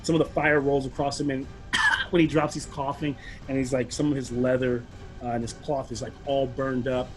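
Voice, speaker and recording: A man's voice: mid-range voice, level tone, normal speed. A man narrating a tabletop game as game master, rambling along with lots of fillers.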